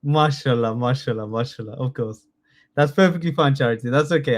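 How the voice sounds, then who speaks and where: A man's voice: mid-range voice, brisk. Casting note: man in his thirties, chatty online quiz tutor who jokes and reads out answer options. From United Kingdom. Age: 30s. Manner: chatty, jokey, reads out multiple-choice options and praises students by name. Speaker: citizenship test tutor. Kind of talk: live online quiz lesson.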